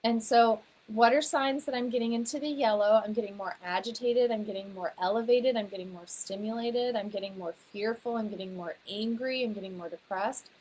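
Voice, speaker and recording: A woman who is a naturopathic doctor, teaching in a gentle, reflective way and walking listeners through guiding questions. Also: fairly high pitch, fairly quick, hardly any pauses, a little hiss or hum, poor audio. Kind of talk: teaching to camera.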